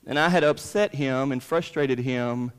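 A man in his thirties preaching a sermon, pushing loud on key points and dropping low between them. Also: a little slow, smooth. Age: 30s. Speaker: pastor. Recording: long reverb of a large hall.

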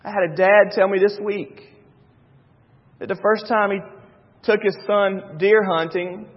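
A man preaching a sermon as pastor, swinging between hushed stretches and loud, excited ones. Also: high-pitched, unhurried. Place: church sanctuary. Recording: dull reverberant church sound.

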